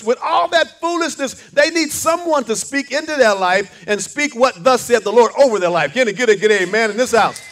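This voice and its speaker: A man's voice: very high-pitched, brisk, hardly any pauses, fairly bright tone. An older man preaching a sermon, fervent, with call-and-response lines and repeated words. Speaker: pastor.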